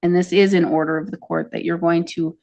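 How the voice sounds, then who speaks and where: A woman's voice: fairly low pitch, flat delivery, brisk, vocal fry, a little mellow, highs cut off. A woman judge presiding over a courtroom hearing, speaking firmly and formally as she administers oaths.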